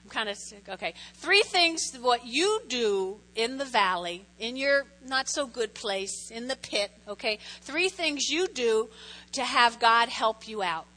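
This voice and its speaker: A woman's voice: on the high side, lively intonation, unhurried, bright, forceful tone. A woman pastor preaching a sermon in a chatty way, often checking in with her listeners. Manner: chatty, keeps checking in with the audience.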